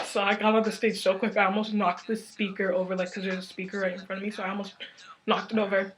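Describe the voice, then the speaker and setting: A young woman telling a story to her camera in a casual, rambling way, excitedly piling up "like" as she goes. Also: medium pitch, fast. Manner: excited, rambling, heavy use of filler "like". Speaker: vlogger.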